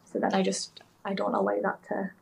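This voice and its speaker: Young guest, earnest and rambling, vocal fry, level delivery, video call. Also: female voice, medium pitch, completely flat delivery, a little fast, a little mellow, slight background noise, low-quality recording. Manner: rambling, heartfelt, many fillers and restarts. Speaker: podcast guest. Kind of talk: candid interview talk. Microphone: remote video call.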